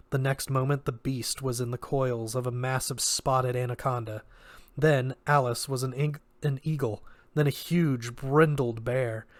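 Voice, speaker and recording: A man reading a fantasy novel aloud in a steady narrating voice, now and then stopping to correct himself. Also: medium pitch, no echo. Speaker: reader of a novel.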